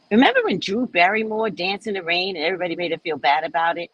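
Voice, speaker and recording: A woman from California hosting a casual show, chatting and telling stories in an animated way. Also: fairly low pitch, quick pace, low-quality recording. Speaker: host. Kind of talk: casual chat.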